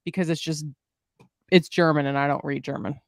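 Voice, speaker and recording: A woman's voice: deep voice, fairly even intonation, brisk, no room sound, studio quality. A woman co-hosting a casual live chat, putting in short teasing remarks. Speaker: co-host.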